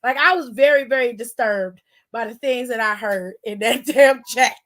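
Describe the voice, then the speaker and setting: A high-pitched woman from Cleveland hosts a wrestling aftershow. Her casual chat is animated and profane, and she slips easily into exaggerated outrage. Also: normal speed. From Cleveland, Ohio.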